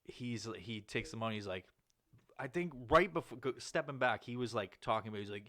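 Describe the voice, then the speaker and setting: Profane rambling man telling a story. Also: brisk. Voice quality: profane, rambling delivery with many fillers. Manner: acts out quoted people with sudden loud, higher outbursts. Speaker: podcast host. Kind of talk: casual storytelling chat.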